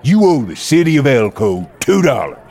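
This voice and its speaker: An actor playing a swaggering, bullying small-town deputy who talks down to people. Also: male voice, fairly low pitch, sing-song, moderate pace, gravelly, breathy edge, full character voice. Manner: swaggering, sneering, blustery.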